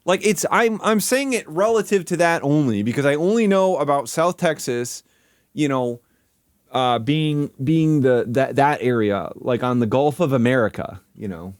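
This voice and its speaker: A man with a medium-pitched, animated voice talks at normal speed during a live stream, ranting casually in a rambling, profane way packed with "like." The clean studio audio has no room sound.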